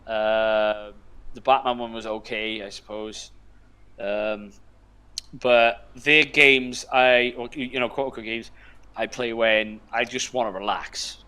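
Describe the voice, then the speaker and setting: A man's voice: medium pitch, pushed and bright. A young man co-hosting a podcast, chatting casually about games with lots of fillers and a laid-back manner. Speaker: podcast co-host. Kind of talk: casual chat.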